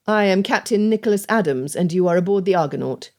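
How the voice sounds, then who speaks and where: A woman's voice: mid-range voice, expressive, fast talker, lightly acted. Woman voicing a curt smuggler captain. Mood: matter-of-fact. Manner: curt, commanding. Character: gruff male smuggler ship captain.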